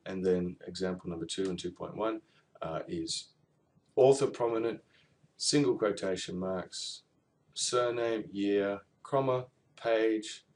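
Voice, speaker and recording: A man giving a recorded university lesson on referencing, explaining step by step with fillers and self-corrections. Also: lowish voice. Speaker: university tutor. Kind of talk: recorded lecture on assignment referencing.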